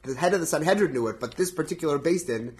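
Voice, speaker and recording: A man teaching a Talmud class to a small group. His voice sits a bit high and he keeps it animated, laughing often. He stops to translate Hebrew and Aramaic lines as he goes. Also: quick pace.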